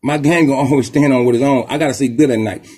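A man from Oakland with an Oakland accent, hosting a podcast and telling a story in a rapid, profane, animated street style. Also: mid-range voice, breathy edge. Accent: Oakland, Bay Area. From Oakland, California. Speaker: podcast host. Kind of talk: casual monologue storytelling.

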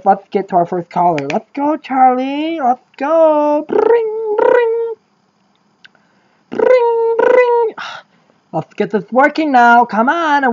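A woman's voice: high-pitched, dark tone, pitched above the performer's own voice. Woman playing a male podcast host, crude, profane, brash, stammering, dull lo-fi sound. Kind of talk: parody call-in show.

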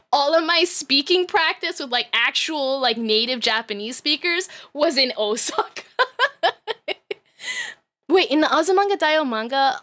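A woman streamer in her thirties with a high, bright voice talks loosely to her chat. She laughs often, swears freely and wanders through stories with plenty of "like"s. Her delivery is casual and unscripted.

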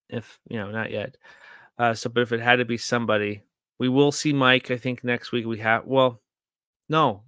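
A man's voice: lowish voice, a bit bright, smooth, dry recording, studio quality. A man co-hosting a casual podcast, rambling with lots of likes and restarts and laughing often mid-sentence. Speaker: podcast co-host reviewing a TV series.

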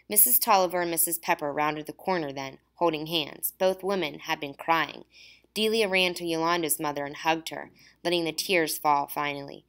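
A woman reading a novel aloud in a steady, measured storytelling voice. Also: deep voice, vocal fry. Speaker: audiobook reader. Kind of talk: scripted narration.

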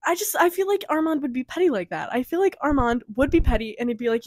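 A woman's voice: high-pitched, lively intonation, fairly quick, dry recording. Young woman rambling thru a trailer review, giggly, trails off mumbling, dry close sound. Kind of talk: casual review chat.

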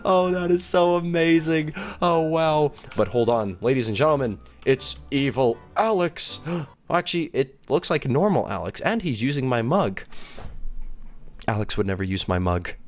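An excitable, jokey man giving let's-play commentary on a game as its host, gasping and squealing as he plays, over faint background music. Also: mid-range voice, normal speed. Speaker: gaming video host.

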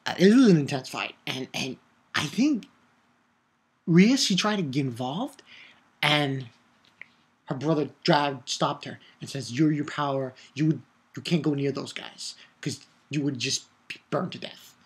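Husky guy doing a rambly anime review, slow talker, gets hyped and swears a lot. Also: on the high side. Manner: excitable, swears, shouts his own reactions; rambling with restarts and filler. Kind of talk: casual video review.

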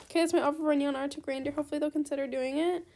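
Woman gaming host, high voice with vocal fry, chatty and excitable commentary. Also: very fast. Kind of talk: casual gameplay commentary.

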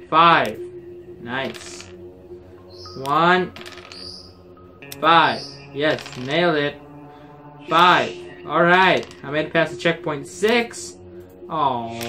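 A gaming channel host giving let's-play commentary at a desk mic, getting frustrated, ranting and yelling at the game. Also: medium pitch.

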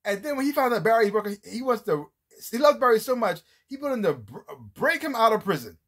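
A man's voice: very high voice, big pitch swings, a little fast, a bit bright. A man giving a casual, rambling review of a TV series, often restarting his sentences and acting out scenes as he retells them. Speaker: TV show reviewer.

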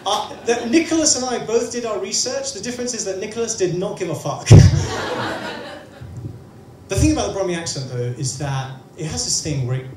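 Young brummie guy doing stand-up, dry quick asides, echoey venue with a faint murmur behind. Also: high-pitched, expressive, noisy background. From Birmingham, England. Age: young adult. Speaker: stand-up comedian. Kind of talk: stand-up comedy set. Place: comedy venue stage. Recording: echoey room with faint ambience.

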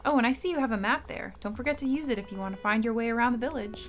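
A woman's voice: on the high side, very fast, lightly acted. A woman reading aloud the lines of a miserly old male duck shopkeeper in a video game, barely putting on a voice, with faint game music behind. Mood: instructing.

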